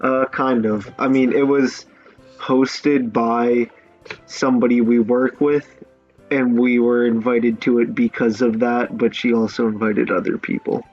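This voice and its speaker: A man's voice: mid-range voice, flat delivery, unhurried, darkish tone. A man hosting a comedic podcast, steering the chat with prompting questions, on a muffled recording with faint music. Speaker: podcast host.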